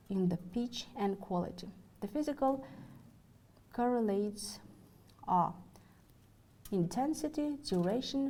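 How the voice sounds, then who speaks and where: A woman with a Russian accent, a native Russian speaker, giving a phonetics lecture in a slow, careful and halting way. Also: mid-range voice, dark tone, rough recording. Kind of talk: university lecture.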